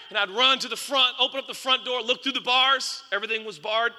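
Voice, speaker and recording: A man in his thirties, a pastor preaching a sermon, telling a story with playful asides to the congregation and swinging from hushed to shouting. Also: high-pitched, moderate pace, few pauses. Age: 30s. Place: large church auditorium. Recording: reverberant church hall.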